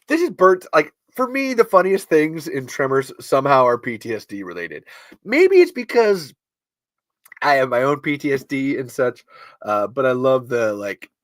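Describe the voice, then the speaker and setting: A man's voice: medium pitch, sing-song, moderate pace, a bit bright, no room sound, clean studio sound. A man talking through a movie in casual commentary, rambling and playful, swearing freely and laughing at his own jokes. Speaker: video essay host.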